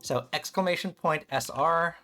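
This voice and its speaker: A man live-streaming casually to his chat, playful and excitable, joking about himself and rambling as he sets things up. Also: on the high side, normal speed, faint music behind. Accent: American. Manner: playful, chatty, self-deprecating, excitable.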